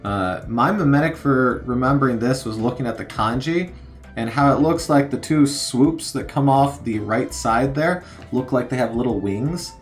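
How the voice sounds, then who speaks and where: A man in his thirties casually narrating a learning game, halting with many fillers as he sounds out vocabulary. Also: medium pitch, soft background music. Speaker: streamer learning Japanese.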